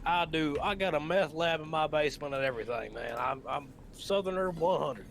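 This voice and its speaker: A man putting on a boastful, crude rural Southern man with a put-on Southern US accent and a gravelly voice. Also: a little high, fairly quick, noisy background.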